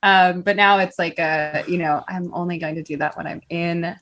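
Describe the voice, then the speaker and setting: A woman's voice: lowish voice, fairly even intonation, moderate pace, fairly bright tone. A young American woman guest on a podcast, chatting casually, laughing a lot and swearing freely. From United States. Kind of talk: casual interview chat.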